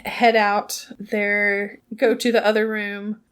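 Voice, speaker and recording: Podcast co-host, woman, casual storyteller, middle pitch, playful quoted voices. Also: little pitch movement, slow pace, fairly bright tone, smooth. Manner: rambling, acts out lines in playful voices. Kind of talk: casual chat recapping a film.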